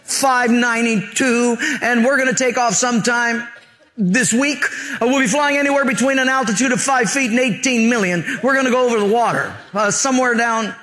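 A man's voice: very high voice, fairly quick, a bit bright, pitched above the performer's own voice. A man voicing a bumbling airline pilot making a rambling cabin announcement full of fillers. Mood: confused.

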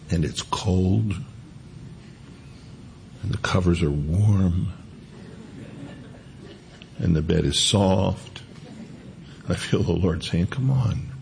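A man's voice: low-pitched, gravelly, a little mellow, slight background noise. A middle-aged male pastor preaching a sermon in a conversational way, with homely asides and scripture read aloud.

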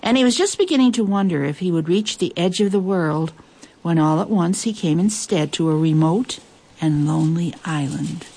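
A woman reading a children's story aloud in a lively, expressive way, with playful asides. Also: lowish voice, normal speed.

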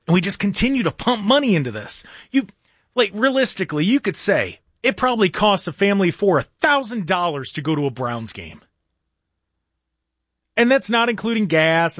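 A man's voice: sits high, a bit bright, no room sound, studio quality. A young man ranting heatedly about his home team, exasperated and mocking, in sports commentary.

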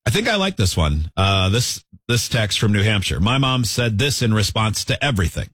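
Husky guy hosting a talk show, reads texts, laughs a lot, dry close sound. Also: fairly low pitch, normal speed, no echo. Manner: animated, reads out listener texts, laughs often. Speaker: radio show host. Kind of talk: casual chat.

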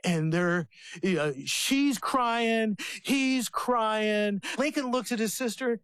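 A man's voice: high-pitched, slow pace, clean tone, dry recording. A man, likely in his thirties, hosting a faith radio talk show and telling family stories with many restarts. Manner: animated storyteller, many restarts.

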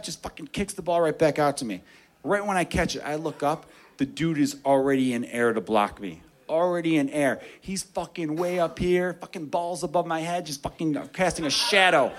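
A man's voice: on the high side, a bit bright. A man telling a story in stand-up, profane and self-mocking. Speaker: stand-up comedian.

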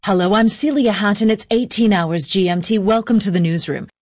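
A woman presenting the news headlines in a brisk, measured newsreading manner. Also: mid-range voice, darkish tone, no room sound, clean studio sound.

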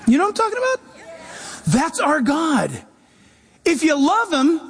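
High-voiced man preaching a lively sermon. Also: a little fast, in a large hall. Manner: animated preaching, swings between loud and soft. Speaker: pastor.

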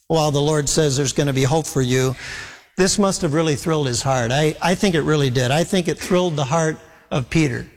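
A man's voice: a little high, moderate pace. Male preacher in a reverberant hall. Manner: earnest preaching, voicing Jesus' words to Peter in quotes. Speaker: pastor. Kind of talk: sermon.

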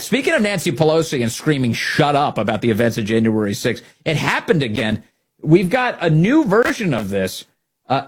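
A man's voice: a little high, slightly rough. A man hosting a political commentary show, talking in a mocking, sarcastic monologue.

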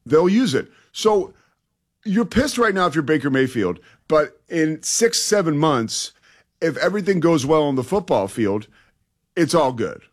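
A man's voice: on the high side, very animated, a little slow. A man co-hosting a sports talk radio show, emphatic, stretching key words and laughing easily.

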